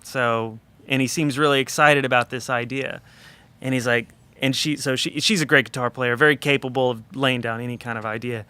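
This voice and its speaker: A man in a studio conversation, a record producer telling an animated, chatty story with lots of fillers. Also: medium pitch, a little fast, clean tone.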